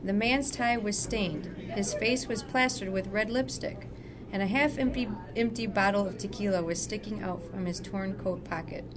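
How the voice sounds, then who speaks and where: A woman reading a joke aloud in a slow, deliberate way. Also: medium pitch, a crowd in the background. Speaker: joke reader.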